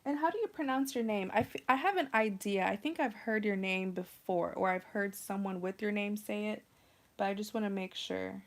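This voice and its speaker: American lady doing a live tarot stream, chatty, talks to viewers, kinda thinking out loud. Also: mid-range voice, normal speed. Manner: chatty, teasing, thinking aloud. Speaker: tarot reader.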